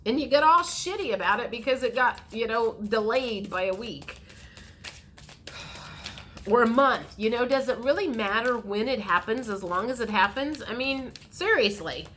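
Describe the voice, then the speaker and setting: A woman's voice: fairly high pitch, expressive, normal speed, fairly bright tone, slight background noise. A woman giving a frank, chatty tarot reading, speaking straight to the viewer. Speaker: tarot reader. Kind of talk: casual tarot reading to camera.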